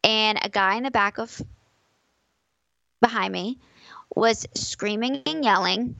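A woman's voice: mid-range voice, takes it slowly, gravelly, pauses often, pushed and bright, no room sound, low-quality recording. A woman talks as a podcast guest, pressing her points with emphasis and repeating phrases for weight. She is recorded close and dry, with no room sound. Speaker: podcast guest, competitive fighting game player. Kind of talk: casual podcast conversation.

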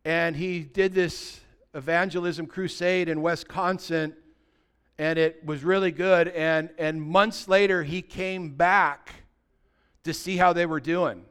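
A man, a pastor preaching a sermon and telling stories, swinging from loud passages to hushed ones. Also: a little high, fairly even intonation, takes it slowly, clear, resonant tone. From United States.

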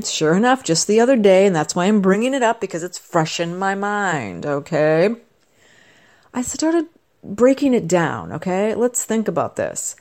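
A middle-aged woman rambling casually to the camera, chatty and self-deprecating. Her voice sits a bit low but swings up and down a lot, and she keeps drifting into side comments. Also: a little mellow. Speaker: vlogger.

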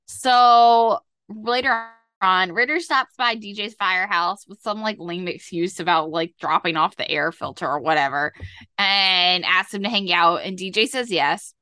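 A young woman co-hosting a podcast recaps a TV episode in a chatty, casual style, acting out quotes and saying "like" a lot. Her medium-pitched voice is measured in pace, pushed, bright and smooth, and the recording is dry.

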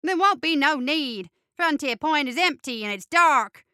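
Lady doing a cackly scheming creature guy, loud and high, bragging, super dry close sound. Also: unhurried, no room sound. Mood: gleeful, boastful. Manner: loud, boastful, crude grammar. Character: gleeful scheming male creature villain, cackling.

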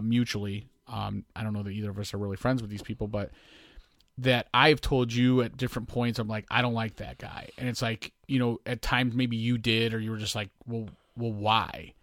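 A man co-hosting a podcast, talking in a measured, reflective way in casual chat. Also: mid-range voice, fairly even intonation, no echo, studio quality. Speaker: podcast co-host.

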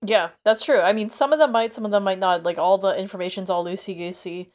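A woman's voice: mid-range voice, quick pace, a little mellow. A woman co-hosting a podcast, musing casually about a book with lots of fillers. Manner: loose, filler-heavy musing. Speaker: podcast co-host.

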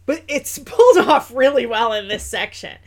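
A podcast co-host, she talks casually about a film, lively and laughing often. Her voice is slightly high and moves at a moderate pace.

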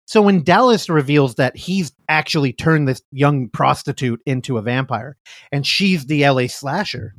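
A man's voice: fairly high pitch, normal speed, dry recording, clean studio sound. A man co-hosting a podcast, retelling a film scene in casual chat, acting out the quotes and swearing freely. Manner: animated storyteller, acts out quotes, swears freely. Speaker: podcast co-host.

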